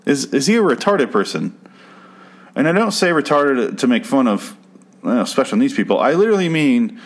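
A man giving a casual, rambling recap of a TV episode, swearing freely and sounding exasperated. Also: fairly low pitch. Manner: profane, exasperated, rambling with restarts. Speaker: show recap host. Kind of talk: casual ranting commentary.

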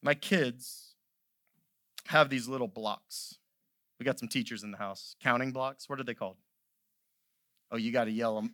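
Male pastor, sermon, bright ringing voice, dry close sound, builds from quiet asides to loud fervent peaks. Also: mid-range voice, a little slow, pauses often, no room sound. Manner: impassioned, swells from quiet to loud; conversational storytelling asides.

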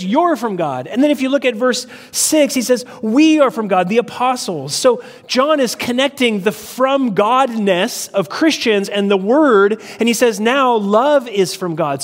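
A male pastor with a notably high voice delivers a verse-by-verse sermon in a church sanctuary. He teaches methodically, often repeating key phrases to drive them home. His voice rings out with a long hall reverb. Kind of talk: expository sermon.

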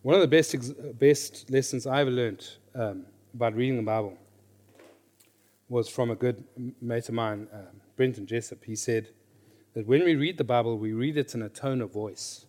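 A man's voice: medium pitch, normal speed. Middle-aged man teaching a Bible class. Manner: lively, questions the audience, repeats key phrases. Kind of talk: teaching a class on reading scripture.

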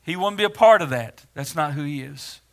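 A male pastor preaching a sermon in a dramatic way, swinging from hushed words to loud ones. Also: a little high, expressive, brisk, gravelly.

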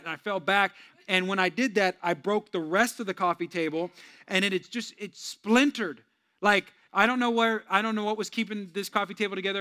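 Man, pastor, sermon, storytelling, high voice, bright tone, swings from loud to hushed. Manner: storytelling, animated, shifts between shouting punchlines and hushed earnest asides.

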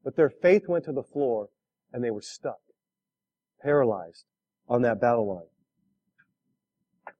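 A man's voice: mid-range voice, animated, slow pace, pauses often, lo-fi sound. A man preaching a sermon, telling a story with laughs and asking the listeners direct questions. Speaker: pastor.

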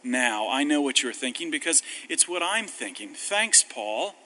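Bright-voiced male preacher, chatty and wry. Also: mid-range voice, expressive, poor audio. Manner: conversational, self-deprecating humor, slows on scripture. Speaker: pastor. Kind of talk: sermon.

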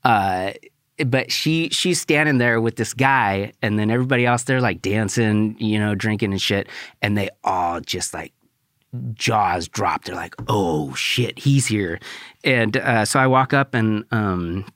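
Man, low-pitched, casual storytelling, profane, animated, dry sound. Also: a little slow, no echo. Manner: profane, animated, rising to high-pitched outbursts.

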